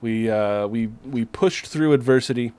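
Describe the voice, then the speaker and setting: A man streaming a video game, talking to his chat in an excitable, chatty way with casual swearing. His voice is of middling male pitch and sounds dry, close to the mic. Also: measured pace, clean tone, dry recording. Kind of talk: casual gameplay commentary.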